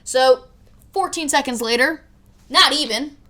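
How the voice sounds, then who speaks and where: A woman co-hosting a casual movie review podcast. Her voice sits a little high, and she retells the plot in a loose, chatty way. She often breaks into laughter and swears freely. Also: a little slow, pushed and bright. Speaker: podcast co-host.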